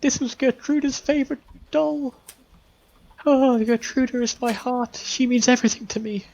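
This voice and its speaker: A man's voice: moderate pace, gravelly, darkish tone. Man putting on a weeping, pleading mother. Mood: grieving. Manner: sobbing, pleading, high and trembling. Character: distraught grieving mother, a middle-aged woman. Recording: dull lo-fi stream audio.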